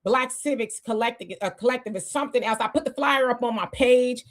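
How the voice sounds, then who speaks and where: A woman's voice: fairly high pitch, brisk. A woman co-hosting a casual political livestream, reading viewer comments aloud and reacting heatedly. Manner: heated, exclamatory, talks to viewers as y'all.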